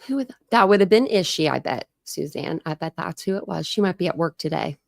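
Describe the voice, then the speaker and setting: Woman livestream host, chatty and upbeat, lowish voice, close and dry. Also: animated, a little fast, gravelly, no echo. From Ohio, USA. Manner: chatty, greets viewers by name, laughs often. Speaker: true crime livestream host. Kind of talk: casual live-stream chat.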